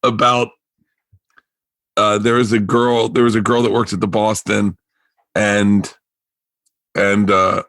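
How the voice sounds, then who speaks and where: Animated male comedian telling stories. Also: lowish voice, slow pace, pauses often, no echo. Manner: animated, frequent restarts and acted-out quotes. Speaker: comedian guest. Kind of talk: casual storytelling.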